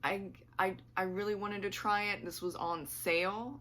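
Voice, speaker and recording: A woman's voice: mid-range voice, slow pace, noisy background. A woman book vlogger chatting casually to camera at home, rambling and laughing often, her voice slightly worn.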